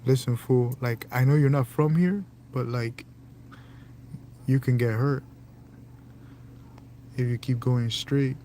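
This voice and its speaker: Street-wise stray dog, voiced offhand by a man, relaxed slangy warning over road noise. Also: medium pitch, slow pace, pauses often, close to an everyday voice.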